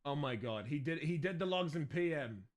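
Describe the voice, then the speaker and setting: A man's voice: a little high, lively intonation, moderate pace. An Australian man chatting casually and rambling on a livestream, swearing freely and talking to his chat. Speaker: streamer.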